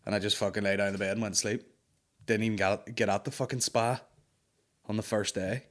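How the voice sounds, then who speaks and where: A man's voice: lowish voice, fairly even intonation, a little fast. A man hosting a comedy podcast, telling a story in an exasperated, sweary ranting way. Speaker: podcast host. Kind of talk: comic storytelling rant.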